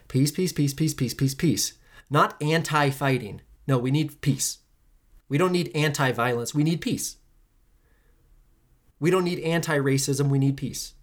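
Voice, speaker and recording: Emphatic, preachy podcast host. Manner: emphatic and preachy, repeats phrases, casual swearing; pitch and pace swing widely between lines. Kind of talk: impassioned solo podcast monologue.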